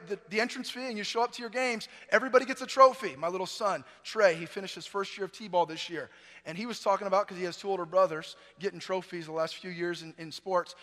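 High bright-voiced pastor guy preaching, gets loud then goes real quiet, echoey church sound. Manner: preaching with sweeping swings in volume, from near-shouts to hushed lows. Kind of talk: sermon. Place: church sanctuary. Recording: long church-hall reverb.

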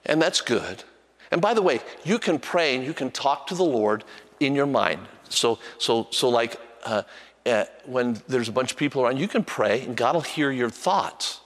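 An older man delivers a sermon as a pastor, moving between hushed, tender prayers and brisk, animated storytelling. His voice sits in an ordinary middle register and carries a long reverb, as if he is preaching from the front of a large hall. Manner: storytelling, animated, voice jumps high when acting out a child.

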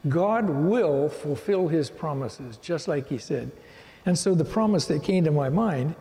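Older guy telling his church testimony, mellow voice, rambles and restarts, echoey church hall. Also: a little high, animated, a little slow. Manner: rambling, many restarts, storytelling. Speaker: guest speaker giving testimony. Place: church sanctuary. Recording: reverberant hall.

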